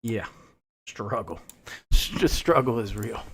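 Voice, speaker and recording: A man's voice: fairly low pitch, animated, takes it slowly, a bit bright, slight background noise. A man streaming a game, chatting casually and telling rambling stories full of profanity. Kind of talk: casual chat while playing.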